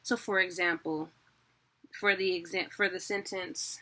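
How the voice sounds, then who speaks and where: A woman giving a casual video lesson, chatty and quick to correct herself. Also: medium pitch, bright, forceful tone. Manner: chatty, self-correcting, laughs at own mistakes. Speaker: teacher.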